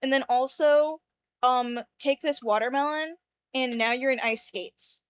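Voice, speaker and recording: High-voiced woman telling a dream story. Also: a little slow, clean tone. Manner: animated storyteller acting out quoted voices. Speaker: podcast co-host. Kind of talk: casual chat, telling a dream.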